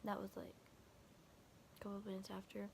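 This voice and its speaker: Recalling a frightening night, a young vlogger gives a loose, rambling storytime at a slightly fast pace, voice flat in pitch and gravelly with fry. She repeatedly quotes texts with "I was like" and "he's like," filling gaps with fillers and restarting often, over a faint ambient hiss.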